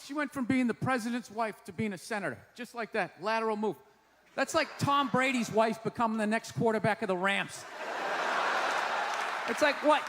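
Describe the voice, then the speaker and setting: A man doing a stand-up comedy set on a stage before a live audience, ranting and often shouting his punchlines. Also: high-pitched, moderate pace. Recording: live show hall with crowd noise. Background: audience laughter and murmur.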